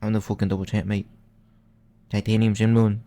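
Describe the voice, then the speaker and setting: A man putting on a loud, swaggering, swearing fighter with a mock Scouse accent. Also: on the low side, flat delivery, brisk, close to an everyday voice. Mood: cocky. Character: brash cocky male fighter, mocking impression.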